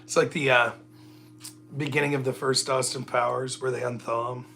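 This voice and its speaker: Bright-voiced man joking on a livestream. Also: medium pitch, flat delivery, moderate pace, gravelly, a little hiss or hum. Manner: joking, rambling, self-mocking. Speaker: livestream host. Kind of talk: casual solo livestream chat.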